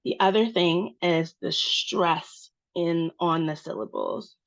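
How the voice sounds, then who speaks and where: A woman with an American accent teaches English pronunciation at a slow, unhurried pace, her voice sitting a little low. She draws each example word out carefully. The audio is a bit dull and lo-fi. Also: creaky. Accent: General American. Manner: patient, over-articulates example words.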